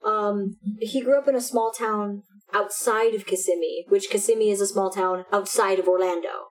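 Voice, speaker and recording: A woman's voice: medium pitch, moderate pace, poor audio. Rambling young woman in casual chat. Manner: rambling, restarts sentences, animated. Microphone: headphones with a mic.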